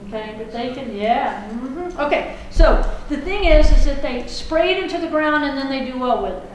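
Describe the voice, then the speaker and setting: A woman's voice: sits high, moderate pace, background noise. A woman teacher giving a classroom lecture, folksy and chatty, checking in with the class. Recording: echoey classroom from far off.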